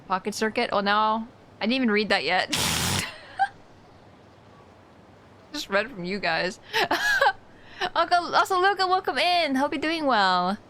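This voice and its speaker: A woman's voice: on the high side, fairly bright tone, slight background noise. A woman streaming a game live, chatting casually in a passionate way and laughing often. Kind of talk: casual live-stream chat while gaming.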